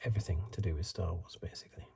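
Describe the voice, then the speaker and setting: Soft-spoken man, very husky. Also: low-pitched, steady tone, very fast. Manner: soft-spoken, drifts into whispers, rambling asides. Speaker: ASMR channel host. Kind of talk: soft-spoken ASMR card review.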